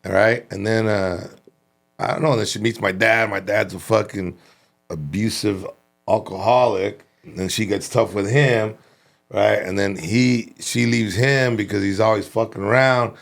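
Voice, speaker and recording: A man from Los Angeles hosting a podcast, telling animated, profane stories in casual chat. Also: fairly low pitch, a little slow, creaky. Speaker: podcast host.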